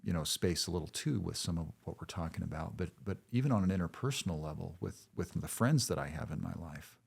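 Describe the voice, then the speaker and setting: A man's voice: low voice, animated, vocal fry, husky. A middle-aged man, a former counselor and guest, speaking thoughtfully in a casual conversation. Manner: thoughtful, measured, with frequent restarts.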